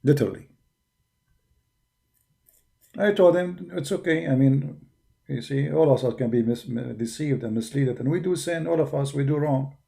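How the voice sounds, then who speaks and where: A man from the Arab world with an Arabic accent, speaking English as a second language with broken grammar, arguing forcefully in a preaching monologue. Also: a little high, a little fast, vocal fry. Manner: forceful, argumentative, with non-native grammar. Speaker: religious debater.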